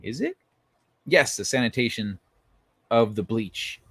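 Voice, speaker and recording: This late-night livestream host is a young man who chats casually with his live chat, reading messages aloud, laughing a lot, and spinning profane, loose stories. His mid-range voice is expressive and unhurried, a bit bright and slightly rough. There's no echo.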